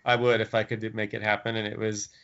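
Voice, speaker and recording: A man's voice: lowish voice, little pitch movement, fast talker, a bit bright, slight background noise. A man co-hosting a podcast in casual chat, easygoing and musing, with many "you know"s. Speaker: podcast co-host. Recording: dull lo-fi podcast audio.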